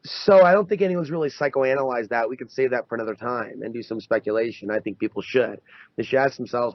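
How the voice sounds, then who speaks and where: A man's voice: mid-range voice, fast, no echo. A man co-hosting a podcast in casual chat, talking animatedly and slipping into mocking quoted voices. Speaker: podcast co-host. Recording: dull, dry lo-fi podcast audio.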